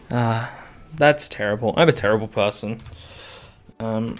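Sarcastic man streaming a game. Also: on the low side. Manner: sarcastic, crude joking asides. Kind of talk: casual gameplay commentary. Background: faint game music.

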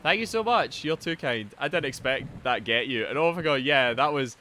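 Excitable Geordie man streaming a game. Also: mid-range voice, moderate pace, a little hiss or hum. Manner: excitable, swearing, yelling at the game. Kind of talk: live gameplay commentary.

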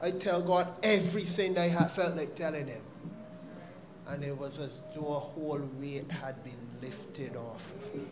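A man's voice: fairly high pitch, steady tone, moderate pace. Barbadian guy giving his testimony at church, earnest, bit of hiss on the livestream. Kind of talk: personal testimony at a church service. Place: church sanctuary. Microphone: live-streamed service mic.

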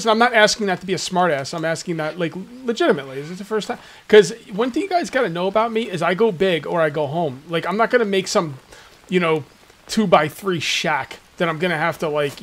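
A man giving casual, jokey let's-play commentary as a gaming video host, ranting and chatting at the viewers. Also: high voice. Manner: chatty, ranting, jokey, slips into mock voices. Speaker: gaming YouTuber.

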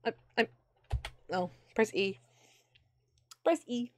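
A woman's voice: fairly high pitch, expressive, takes it slowly, no room sound. A young woman giving chatty, jokey live commentary while she plays a video game, often breaking into laughter. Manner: chatty, giggly, jokey asides. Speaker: streamer playing a video game.

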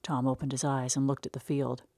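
A woman narrating a short story in a measured, unhurried way. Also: a bass voice, level tone, dark tone, no room sound, clean studio sound.

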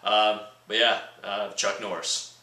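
A man's voice: fairly low pitch, little pitch movement, takes it slowly, bright, forceful tone. Sarcastic man ranting in a roomy echo. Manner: sarcastic, joking, rambling. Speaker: vlogger. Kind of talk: comedic rant vlog. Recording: roomy echo from a distant mic.

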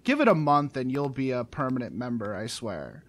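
A man's voice: medium pitch, big pitch swings, moderate pace. A man hosting a podcast in casual chat, talking enthusiastically with rambling restarts and frequent laughter. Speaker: podcast host.

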